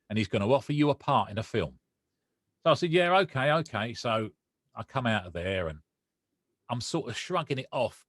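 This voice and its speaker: Brief Romford man, lively storyteller who voices the others, dry close sound. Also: fairly low pitch, dry recording. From Romford, England. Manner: animated, acts out dialogue. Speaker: guest. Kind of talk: personal storytelling.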